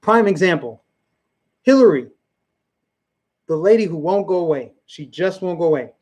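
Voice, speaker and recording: A man's voice: high-pitched, expressive, moderate pace, a little mellow. A man hosting a political commentary livestream, talking emphatically and repeating his points while chatting with his viewers. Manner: emphatic and repetitive, chatting with the live chat. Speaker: livestream host.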